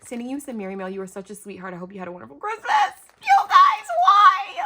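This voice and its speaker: With a sing-song, mid-range voice and a very fast pace, a middle-aged woman unboxes craft mail for her vlog. She's gushing and exclamatory, speaking to her viewers as "you guys."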